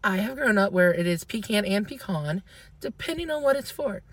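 A woman's voice: mid-range voice, animated, fairly quick, no echo. A woman from the American South chatting casually, chatty, opinionated and playful. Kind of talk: casual chat.

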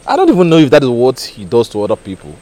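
A man's voice: medium pitch, huge pitch swings, very fast, dark tone, slight background noise. An actor playing an eager man wooing a woman, coaxing and stammering, with Nigerian Pidgin in his speech.

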